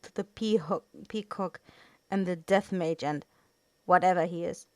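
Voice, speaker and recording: A woman's voice: on the low side, unhurried, darkish tone, dry recording, lightly acted. A woman reading the lines of an impatient, sneering male assassin in a snappish way. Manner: snappish, mocking.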